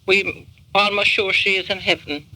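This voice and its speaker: A woman's voice: medium pitch, fairly even intonation, normal speed, sharp tone, rough recording. A woman recording a spoken message to family, hesitating often with ums and uhs.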